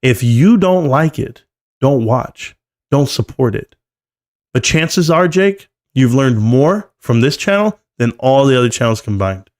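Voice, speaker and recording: A man's voice: medium pitch, animated, unhurried, darkish tone. Brash male host of a live market stream, cocky and taunting, mid-range voice.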